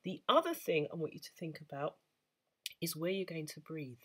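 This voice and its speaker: Patient woman teaching beginner sax, bright and a touch husky. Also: low voice, big pitch swings, moderate pace. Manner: patient, encouraging, explains step by step. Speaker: saxophone teacher. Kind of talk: instructional talk to camera.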